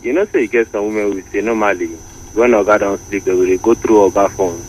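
A man's voice: fairly low pitch, fairly even intonation, fast talker, darkish tone, a little hiss or hum, low-quality recording. A man with a Nigerian accent speaking on a radio show, insistent and preachy about tradition. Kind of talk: casual radio chat in Nigerian Pidgin.

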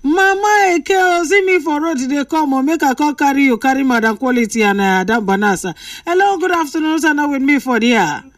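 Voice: high voice, animated, a little fast, no room sound, recorded from a distance. Playful Nigerian radio host. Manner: playful, teasing, banters with callers. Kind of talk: lively call-in radio chat. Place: radio studio.

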